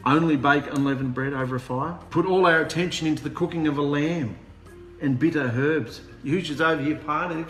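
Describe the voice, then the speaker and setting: A man preaching an animated, humorous sermon, sarcastic and worked up. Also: on the high side, brisk. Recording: echoey room with music behind.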